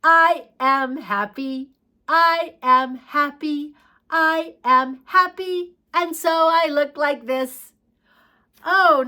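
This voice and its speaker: Slow sing-song preschool teacher woman. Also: high voice, a bit bright. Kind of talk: children's lesson with songs.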